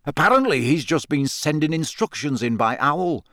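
Brief: man doing a middle-aged male wizard official, chummy and shifty, hesitant, up in pitch. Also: very animated, normal speed, dry recording, clean studio sound. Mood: confiding. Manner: hesitant, hushed and confiding.

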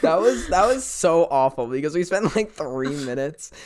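A man's voice: fairly high pitch, sing-song, normal speed. A young man in casual improv chat, reading out character prompts and laughing often. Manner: giggly, reads prompts aloud. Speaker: improv player.

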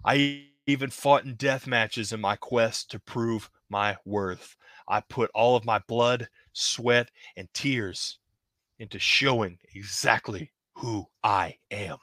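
A man's voice: medium pitch, slow pace, a bit bright, dry recording. A man voicing a scrappy, determined wrestler in an earnest promo.

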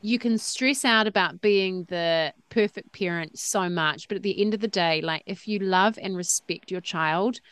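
A woman's voice: medium pitch, normal speed, few pauses, a bit bright, clean tone, no room sound. A woman in a casual podcast chat who speaks in a reassuring, reflective way.

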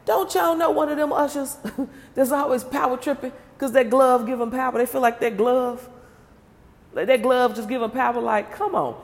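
A woman's voice: high voice, steady tone, normal speed, long reverb tail. A woman talking straight to her viewers in a casual, comedic rant, firing off rhetorical questions and laughing often. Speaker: vlogger.

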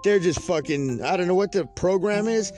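A man's voice: sits high, moderate pace, music in the background. A man from California's Central Valley telling a long, rambling, profane story and laughing through it. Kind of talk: casual profane storytelling monologue.

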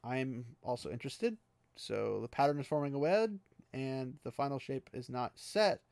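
A book recap podcaster casually retells a fantasy novel chapter, chatting away with plenty of "he's like" asides and laughing at the text. His voice is mid-range, creaky and somewhat dark, at a moderate pace, with no room sound.

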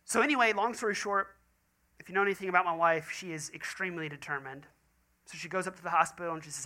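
Preaching at a fast clip, this man has a high-leaning voice. He's a pastor who tells his stories vividly, performing the quoted lines in acted voices.

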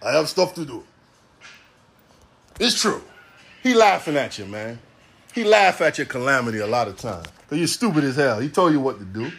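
Animated, profane man in his forties. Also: medium pitch, fairly quick. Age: 40s. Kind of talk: casual comedic monologue.

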